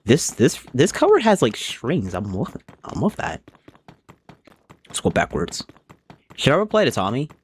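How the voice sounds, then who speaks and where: A man's voice: mid-range voice, huge pitch swings, measured pace, long pauses, husky. A young man chatting casually on a live stream while he plays a game, thinking aloud and rambling from one thought to the next.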